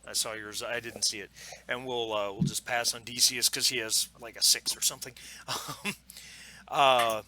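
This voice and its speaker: Casting: male game master, very bright, relaxed rule explainer with fillers. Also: medium pitch, normal speed. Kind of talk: narrating a tabletop game.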